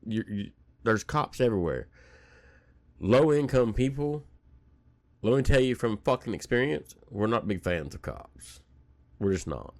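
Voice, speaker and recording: A man's voice: mid-range voice, expressive, measured pace, long pauses, a little mellow, no echo. A man in his forties hosting a podcast, ranting bluntly and heatedly with constant swearing. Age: 40s. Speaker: podcast host. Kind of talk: casual rant.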